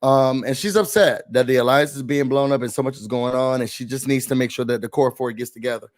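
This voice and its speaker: A man's voice: medium pitch, fast talker. Sassy man recapping reality TV. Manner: sassy, animated, quotes people in mocking voices. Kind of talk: casual reality show recap.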